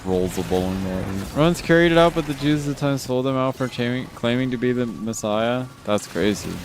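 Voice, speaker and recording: Animated and fairly quick, a male streamer reads chat comments during a live stream, ranting and cursing constantly as his voice climbs in exasperation. Background noise accompanies him.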